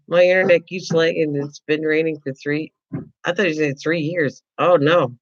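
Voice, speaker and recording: A woman's voice: deep voice, slow, long pauses, highs cut off. A woman hosting a casual craft livestream, rambling and chatty, playfully teasing her viewers.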